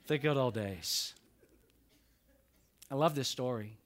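A man's voice: medium pitch, slow, long pauses. A male pastor preaching a sermon, mixing childhood stories and a joke with scripture. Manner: storytelling, animated.

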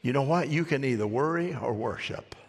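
A man preaching a sermon in a church, swinging between loud rising cries and low hushed phrases. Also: expressive, brisk. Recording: long hall reverb.

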